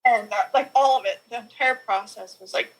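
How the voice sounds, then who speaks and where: On a podcast, a young woman guest rambles through her own birth story in a brisk, fairly high voice, and the recording quality is low. She leans heavily on "like" and "you know," with small nervous laughs.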